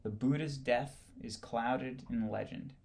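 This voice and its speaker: A male instructor reads a history textbook aloud at a slow, unhurried pace. His voice has a gravelly fry, and he stumbles over words and goes back to reread them. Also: mid-range voice, steady tone, darkish tone.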